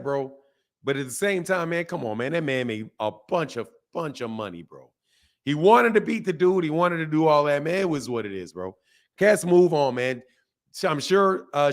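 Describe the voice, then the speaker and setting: A man's voice: a little high, fairly bright tone. Slangy older man hosting a boxing stream. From Omaha, United States. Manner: slangy, loose, laughing, reacting to chat. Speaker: boxing livestream host. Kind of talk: casual livestream chat.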